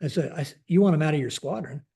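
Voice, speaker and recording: Speaking quickly in a fairly high, gravelly, slightly rough voice, a retired U.S. Air Force general in his later years recounts a tale for a podcast interview. The retelling is lively and full of fillers, with him performing the dialogue himself.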